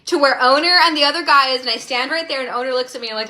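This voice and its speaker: A woman in her twenties telling a casual storytime, chatty and animated, full of "like". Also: high voice, fast talker. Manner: chatty and animated, heavy use of "like". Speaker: storyteller in a clip.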